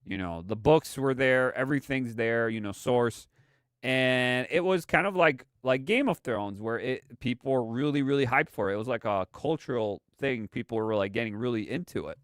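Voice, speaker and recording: A man's voice: mid-range voice, normal speed, smooth, no echo, clean studio sound. A man casually commenting on a live stream, rambling and hesitant with plenty of fillers.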